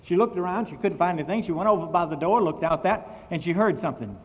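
Brief: male missionary preacher, fairly high voice, lively storytelling, dull old recording with long reverb. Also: quick pace, breathy edge. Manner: animated, big swings in volume and pitch. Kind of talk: sermon storytelling.

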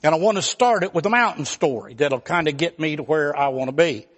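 Folksy high-voiced preacher. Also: male voice, expressive, a little fast. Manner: folksy, rambling storyteller with many fillers. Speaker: pastor. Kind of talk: sermon storytelling.

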